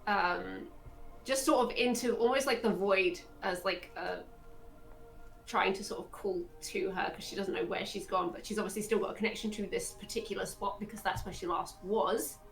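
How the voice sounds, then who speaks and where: A woman's voice: medium pitch, moderate pace, creaky, faint music behind, rough recording. A woman playing a tabletop game, hesitantly describing her character's actions with many fillers. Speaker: player. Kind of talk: casual tabletop game play.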